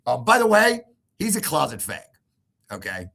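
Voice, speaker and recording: Animated gravelly man telling a heated story. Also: mid-range voice, moderate pace. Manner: animated, acts out quoted voices, emphatic repetition. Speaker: interview guest.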